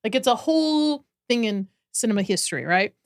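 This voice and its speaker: A woman's voice: a little high, expressive, fairly quick. Giggly woman co-hosting a movie podcast. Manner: chatty, giggly, recaps the plot. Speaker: podcast co-host. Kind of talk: casual movie discussion.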